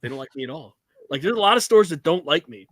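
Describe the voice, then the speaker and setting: A man's voice: on the high side, expressive, fast talker, fairly bright tone, no room sound. A man co-hosting a casual chat, blunt and profane, saying he tells it like it is. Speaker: co-host.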